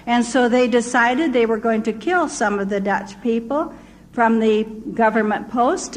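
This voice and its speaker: A woman's voice: on the high side, poor audio. An older woman, a missionary, telling her testimony as a vivid story. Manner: vivid storyteller who acts out quoted voices.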